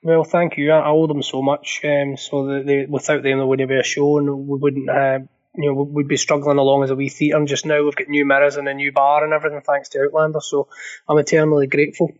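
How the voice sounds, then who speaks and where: High-voiced Scottish man telling stories. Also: monotone, fast, dull audio. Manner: laughs through his story, repeats words. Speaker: guest storyteller. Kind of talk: animated anecdote telling.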